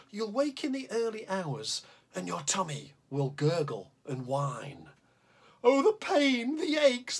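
A man hosting a children's drawing show, reading a comic poem aloud in a playful voice, then chatting as he sets up to draw. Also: breathy edge. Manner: lively and playful, swooping pitch.

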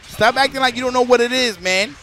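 Bright-voiced crude joking male streamer. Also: extremely high pitch, fairly quick. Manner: crude, joking, talks straight to the chat. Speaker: streamer and tournament commentator. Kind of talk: casual live-stream commentary.

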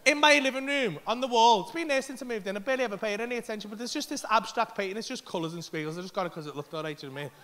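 A man telling an animated, sweary story as a stand-up comedian on a club stage, acting out other people's voices and his own panic. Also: high-pitched, rapid-fire, few pauses. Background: audience laughter.

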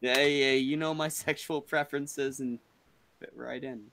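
Crude rambling host, male, forceful bright delivery, loose stream chat with lots of stalls and restarts. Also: mid-range voice, steady tone, a little slow, creaky, a little hiss or hum. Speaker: podcast host.

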